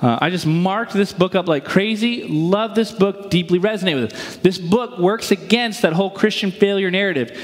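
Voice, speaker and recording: High-voiced man preaching in a hall. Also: moderate pace, hardly any pauses. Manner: casual, conversational preaching with slang and rhetorical questions. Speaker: pastor. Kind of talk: sermon. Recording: long hall reverb.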